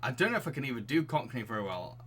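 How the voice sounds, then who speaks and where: A male streamer from England with a bright, clear voice that leaps around a lot in pitch. He chatters and giggles as he reads the game aloud into a streaming mic, with a faint hiss behind him. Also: big pitch swings, very fast. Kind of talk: let's play commentary.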